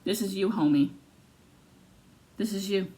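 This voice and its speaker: A woman giving a casual, profane tarot reading, swinging between loud outbursts and low muttering. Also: measured pace. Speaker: tarot reader.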